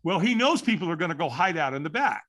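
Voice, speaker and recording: A man in his sixties telling a personal story as a podcast guest, acting out what people said with big swings in his voice. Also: fast. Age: 60s. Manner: animated, acts out quotes with big pitch swings.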